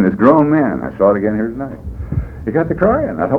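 A man gives a rambling personal testimony at a recovery meeting, folksy and wry. His pitch swings widely as he tells it. The recording is a tinny, lo-fi tape with a faint hiss. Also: sing-song, quick pace. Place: meeting room.

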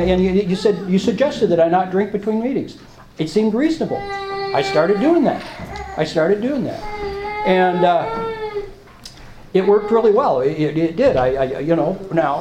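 A man shares his personal recovery story at a meeting, stumbling over words and repeating himself as his feelings rise and fall. His voice sits a little high. The room is echoey, with faint ambience behind him. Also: very animated, background noise. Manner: halting, repeats words, emotional swings. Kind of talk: personal testimony talk.

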